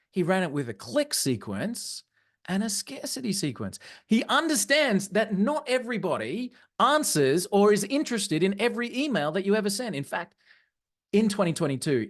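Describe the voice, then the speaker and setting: Animated marketing trainer. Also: medium pitch. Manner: animated, repeats key phrases for emphasis. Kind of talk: live seminar talk. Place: room with a live audience.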